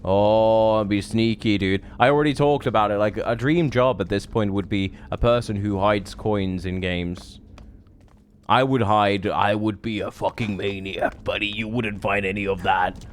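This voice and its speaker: A man in his thirties streams a game and gives live commentary in a fairly low voice, with fairly even intonation at a moderate pace. He chats loosely with his viewers, swears often and rambles between thoughts, over a little hiss or hum.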